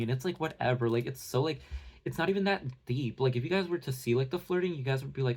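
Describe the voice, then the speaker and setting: A young man delivering a heated, profane, sarcastic rant to his viewers, talking in fast bursts with many fillers. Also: medium pitch. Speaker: commentary channel host.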